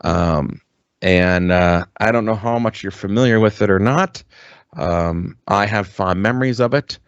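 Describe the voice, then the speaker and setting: A man's voice: lowish voice, unhurried, smooth, dry recording, highs cut off. A man co-hosting a podcast, chatting casually and rambling with lots of ums and restarts, swearing freely. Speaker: podcast co-host. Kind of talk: casual chat.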